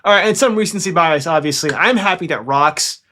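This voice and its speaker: A young man hosting a fan commentary channel, talking fast and excitably in a rambling, casual way. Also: on the high side. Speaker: anime commentary channel host.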